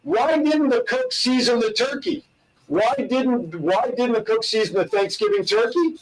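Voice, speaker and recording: Upbeat co-host, man, high voice, sitting a little off the mic, playful joke teller. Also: measured pace, recorded from a distance, poor audio. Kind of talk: casual talk show banter telling dad jokes.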